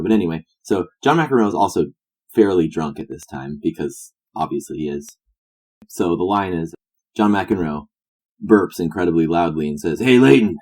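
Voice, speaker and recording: A man co-hosting a comedy podcast, rambling through a silly improvised pitch. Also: a little mellow. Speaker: podcast co-host. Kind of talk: casual comedic chat.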